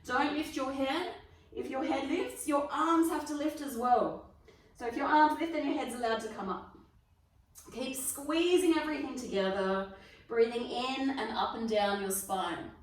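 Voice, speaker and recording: Woman yoga teacher, Australian accent, guided class, calm step-by-step cues, very reverberant room, distant mic. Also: sits high. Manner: calm step-by-step breathing cues, demonstrating while talking. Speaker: yoga instructor. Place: fitness studio. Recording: very echoey room, mic far off.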